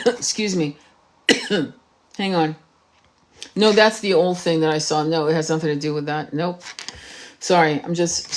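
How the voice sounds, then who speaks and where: A woman's voice: medium pitch, slight background noise. A woman hosting a casual livestream, talking while searching online, distracted and swearing, with many restarts. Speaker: tarot reader livestream host.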